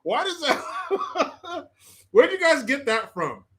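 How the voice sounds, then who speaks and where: American guy on a stream chatting with viewers, higher voice, bright, kinda slow. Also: sing-song. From United States. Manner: laughs often, playful, crude banter. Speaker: livestream host. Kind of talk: casual live commentary reading chat.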